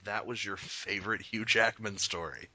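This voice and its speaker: A man co-hosting a podcast in casual chat, wry and joking, with quick asides. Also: fairly low pitch, pushed and bright, no room sound. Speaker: podcast co-host.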